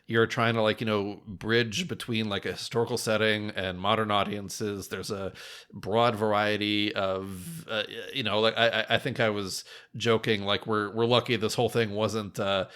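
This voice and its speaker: A man's voice: fairly low pitch, flat delivery, moderate pace, a bit bright, clean tone. A man co-hosting a film podcast, talking casually and rambling with many fillers and restarts. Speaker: podcast co-host.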